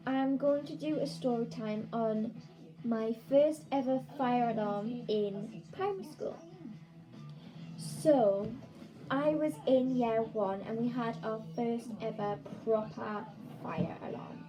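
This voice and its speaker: A woman's voice: a little high, slow pace, over music, low-quality recording. A woman tells a casual story time to her channel, chatty and full of "like" fillers. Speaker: vlogger.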